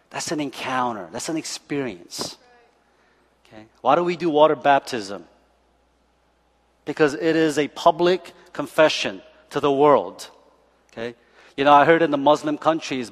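Joking pastor in a reverberant church. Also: male voice, fairly high pitch. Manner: animated and joking, checks in with "okay?" and "right?". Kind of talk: sermon. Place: church sanctuary. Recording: long church hall reverb.

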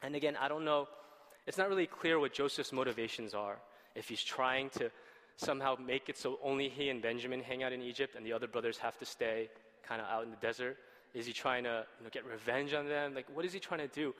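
A man's voice: mid-range voice, fast talker, fairly bright tone. Male preacher, conversational and questioning, mid-range voice with long hall reverb. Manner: conversational, asks rhetorical questions, laughs at the story. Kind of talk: casual sermon retelling a Bible story.

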